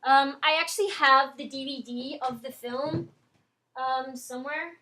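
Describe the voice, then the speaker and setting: A young woman chatting casually to her webcam, rambling with lots of ums and restarts and getting excitable. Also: sits high, unhurried. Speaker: vlogger. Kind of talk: casual chat to camera.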